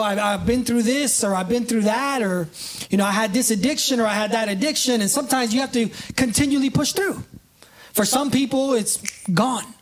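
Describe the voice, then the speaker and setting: A preacher delivering a relaxed sermon in plain conversational speech. The talk leans on "right?" and "you know", and listeners get pulled up to act out the scene. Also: mid-range voice. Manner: casts listeners in live illustrations.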